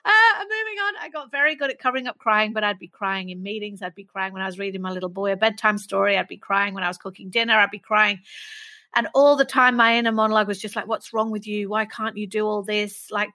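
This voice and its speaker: Middle-aged woman from England, clear bright tone, open and self-reflective guest. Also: medium pitch. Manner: earnest and self-reflective, laughing at herself. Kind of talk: candid conversational interview.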